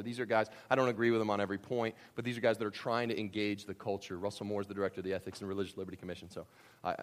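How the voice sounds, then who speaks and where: A pastor speaking casually to his church during a Q and A, joking and throwing in sarcastic asides. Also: on the low side. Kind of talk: live church Q and A and sermon. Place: church sanctuary.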